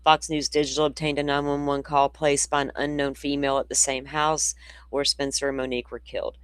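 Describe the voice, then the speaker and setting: A woman's voice: very deep voice, flat delivery, fairly quick, smooth, no room sound. A woman hosting a true crime show, reading news reports aloud and breaking off into opinionated, conversational asides to her viewers. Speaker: true crime podcast host.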